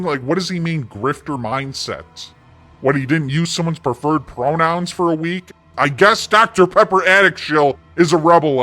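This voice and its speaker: A man's voice: medium pitch, a bit bright. A man hosting his own online commentary, taunting and mocking in a sarcastic tone.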